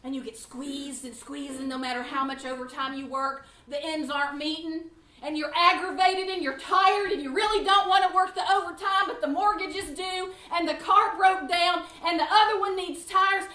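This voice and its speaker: Lady teaching a church bible class, very high voice, impassioned, echoey room. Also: fairly even intonation, moderate pace, bright, forceful tone, recorded from a distance. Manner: impassioned, piles up clauses with "and"; tells personal testimony with feeling. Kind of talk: Bible class lesson with audience questions.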